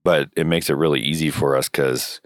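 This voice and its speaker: A man with an extremely low voice, made hoarse and rough by a cold. He co-hosts a podcast in loose, rambling chat, tossing in jokes as he goes. The sound is dry and close, with no room around it. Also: fairly even intonation, brisk, dry recording. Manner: rambling, joking. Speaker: podcast co-host. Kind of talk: casual chat.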